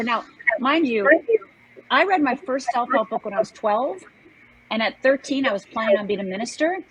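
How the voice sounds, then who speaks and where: With a slightly high, lively, somewhat rough voice at a moderate pace, a woman in her sixties tells a personal story during an interview. She's a life coach from Upper Michigan, US, earnest and emphatic, who performs the voices she quotes. There's no room sound, though the recording quality is rough.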